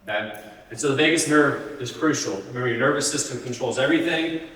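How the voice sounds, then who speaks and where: A man's voice: medium pitch, quick pace, fairly bright tone. Man lecturing from across an echoey hall. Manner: conversational, asks the audience questions. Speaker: speaker at a health talk. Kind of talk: live presentation to an audience. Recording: roomy hall, distant mic.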